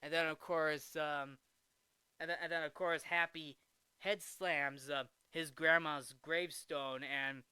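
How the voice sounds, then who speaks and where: A man's voice: a little high, steady tone, unhurried, sharp tone, clean tone, no echo. A man hosting a casual film recap, rambling with frequent restarts and fillers.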